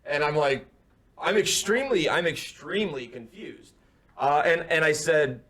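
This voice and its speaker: A young man, co-host of a casual talk show, tells a story over a remote call with headphones on. His voice sits a touch high. He leaps into the other man's lines with shouts and sharp rises. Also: animated, normal speed. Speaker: podcast co-host.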